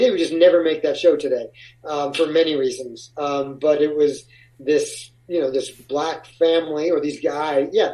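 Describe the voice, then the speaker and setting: A man's voice: on the high side, a little mellow, recorded from a distance, rough recording. A man being interviewed about his acting career, talking casually in rambling, restarting sentences. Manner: rambling, with frequent restarts and laughs. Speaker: actor, interview guest.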